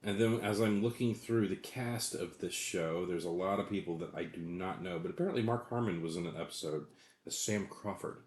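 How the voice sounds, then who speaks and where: A man's voice: low voice, animated, a little fast, darkish tone. A man in his late forties co-hosting a casual movie chat, rambling loosely and swearing often. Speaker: co-host. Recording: echoey room.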